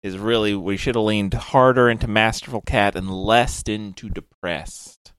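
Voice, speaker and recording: A man's voice: fairly low pitch, fairly even intonation, normal speed, fairly bright tone, clear, resonant tone, no echo. A man in his thirties co-hosting a podcast, playfully steering the talk. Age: 30s. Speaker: podcast co-host. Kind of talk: casual chat.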